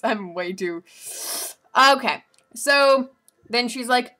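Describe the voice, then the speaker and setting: A woman's voice: mid-range voice, moderate pace, sharp tone. A woman vlogger giving a rambling, casual recap of a movie, full of asides and giggles.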